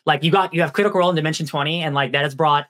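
A man co-hosting a podcast in casual, animated conversation. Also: fairly high pitch, very fast. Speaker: podcast co-host. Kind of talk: casual chat.

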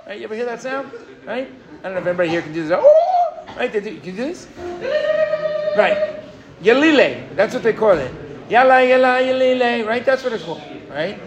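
A man's voice: sits high, fast talker, long pauses, over a noisy crowd. A man from New York giving a sermon as a rabbi, telling stories and asking his audience "right?". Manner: storytelling, animated, engages the audience with "right?". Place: rooftop gathering.

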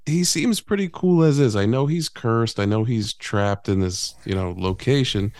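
A man's voice: fairly low pitch, moderate pace, darkish tone, dry recording, clean studio sound. A man co-hosting a podcast, rambling animatedly about a movie. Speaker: podcast co-host. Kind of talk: casual movie chat.

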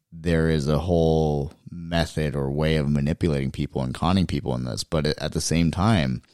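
A man with an extremely deep voice hosts a casual podcast chat. He talks in a relaxed, reflective way, with plenty of loose fillers. The sound is dry and close, with no room echo. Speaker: podcast host. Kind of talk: casual conversation.

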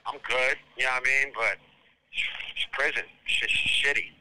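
A man's voice: medium pitch, fairly even intonation, moderate pace, pushed and bright, slight background noise, low-quality recording. A man calling in to a podcast, talking in laid-back slang and swearing freely. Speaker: caller phoning in. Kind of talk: casual phone chat.

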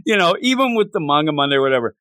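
A man in casual chat, excitably ranting in disbelief and slipping into quick put-on character voices. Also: a little high, no room sound, studio quality. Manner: excitable, incredulous, often acts out characters in jumpy voices. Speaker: podcast co-host. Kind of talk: casual chat reacting to a manga chapter.

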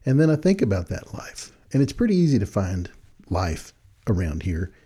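A very animated Texan podcast host with a lowish, dark, slightly rough voice talks at a moderate pace. He shares casual, folksy reflections at a desk microphone with headphones, laughing at his own points.

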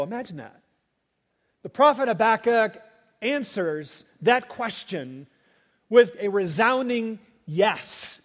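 A male pastor preaching a Sunday sermon, emphatic and swelling in volume at key phrases. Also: high-pitched. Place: church sanctuary. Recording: long reverb of a church sanctuary.

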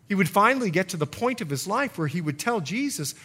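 A middle-aged man preaching a sermon as pastor, telling stories with lively, acted-out voices. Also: sits high, fast talker, breathy edge. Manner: animated storytelling, acting out quoted voices.

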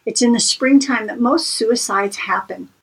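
A woman's voice: fairly high pitch, normal speed, creaky, fairly bright tone, slightly rough, far from the mic, low-quality recording. A woman co-hosts a devotional podcast and talks in an earnest, preacherly way, leaning on repeated phrases for emphasis. Her voice sits a little back from the mic. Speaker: podcast co-host. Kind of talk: encouraging devotional talk.

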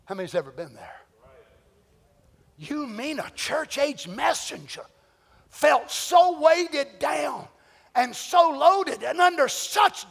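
Man, preacher, sermon, very high pitch, bright edgy voice, hushed-to-shouting delivery. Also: creaky. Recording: long hall reverb.

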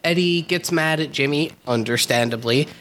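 A podcast co-host recapping a TV episode in a relaxed, wry, casual chat. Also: mid-range voice, normal speed.

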